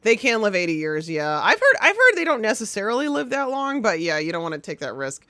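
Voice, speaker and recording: A woman streaming a game, chatting casually with viewers in an excitable, giggly, gushing way. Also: medium pitch, fast talker, no room sound. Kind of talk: casual live-stream chat.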